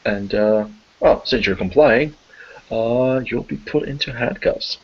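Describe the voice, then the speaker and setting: A man's voice: medium pitch, measured pace, breathy edge. A man narrating as game master of a tabletop game, hesitant and full of fillers. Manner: rambling, hesitant with many fillers. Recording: dull lo-fi audio.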